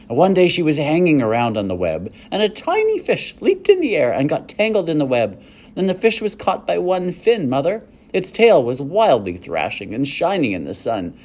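A man's voice: fairly low pitch, very animated, moderate pace, darkish tone. A man reading aloud and voicing an imaginative young farm girl, earnest and eager as she tells her tales.

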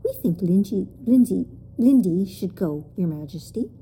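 A woman's voice: medium pitch, lively intonation, moderate pace, warm tone, slight background noise, lightly acted, rough recording. A woman voicing an earnest, coaxing young boy in a storybook reading.

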